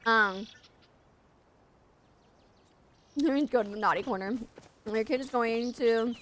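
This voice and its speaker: Chatty young woman streamer, slightly high voice. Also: slow, a little hiss or hum. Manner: chatty and rambling, talks straight to viewers. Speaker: game streamer. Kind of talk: casual live-stream chat.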